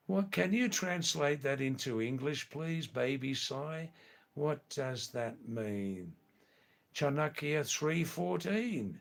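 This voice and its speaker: An older man with an Australian accent chats on a live stream at a slow, relaxed pace. His pitch sits in the middle range. He takes his time, repeats words and answers each viewer personally. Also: creaky.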